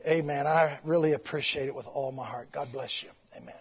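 A male preacher shouts his sermon in a high, husky voice. He swings from fiery declarations to chatty storytelling. The recording is dull and lo-fi. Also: fairly even intonation, brisk. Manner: impassioned, shouting, drops to storytelling.

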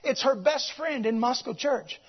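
A man delivers a sermon with a husky, breathy voice, swinging from shouted praise to quiet, intimate storytelling. He repeats phrases for emphasis. The recording sounds dull and lo-fi. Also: very high-pitched, moderate pace. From United States. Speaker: visiting preacher.

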